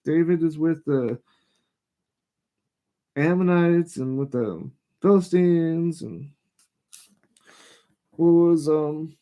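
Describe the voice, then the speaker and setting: A man's voice: fairly high pitch, muffled recording. A man hosting a live show, reading Bible passages aloud with stumbles and restarts and breaking off for frank, irritated commentary. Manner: reads passages aloud haltingly, stops to comment.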